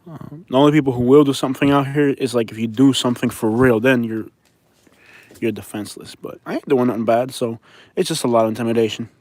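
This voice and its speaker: A man's voice: mid-range voice, steady tone, fast, a little mellow, no room sound. Joking Florida-accented man, dry sound. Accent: Florida Southern. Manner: boastful, joking, rambling. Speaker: vlogger reading viewer comments. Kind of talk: casual chat.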